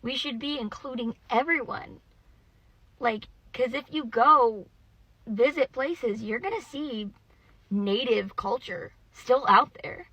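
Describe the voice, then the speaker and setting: A woman's voice: fairly high pitch, slow pace, pushed and bright, husky, dry recording, poor audio. A woman giving blunt, rambling opinions in casual chat, with lots of fillers.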